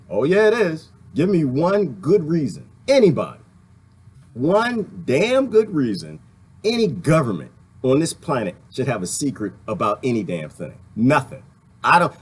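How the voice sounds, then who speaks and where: Ranting commentator, male, husky, lively pitch, sarcastic and repetitive. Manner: rambling, repetitive, heated and sarcastic; laughs between points. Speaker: video commentator. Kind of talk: ranting monologue.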